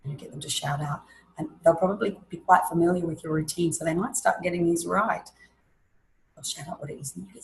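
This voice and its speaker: A woman presenting an online teaching webinar, explaining classroom activities in a lively way and acting out examples. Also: fairly low pitch, fast talker, vocal fry, slight background noise, low-quality recording. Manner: lively, demonstrates classroom voices and chants.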